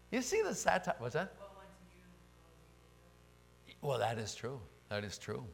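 Lively, emphatic male preacher. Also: mid-range voice, unhurried, gravelly, pauses often, slightly rough. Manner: emphatic, rhetorical questions. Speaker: pastor. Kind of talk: sermon.

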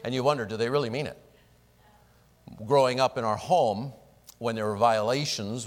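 Animated male preacher in an echoing hall. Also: medium pitch. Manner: animated, acts out quoted prayers and apologies. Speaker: pastor. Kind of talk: sermon. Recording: long reverb of a large hall.

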